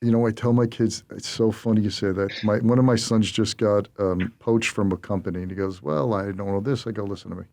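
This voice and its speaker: A middle-aged man hosting a podcast interview, telling stories in an animated, emphatic way with his voice rising on key points. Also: on the low side, a little fast, hardly any pauses. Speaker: podcast host. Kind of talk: casual interview conversation.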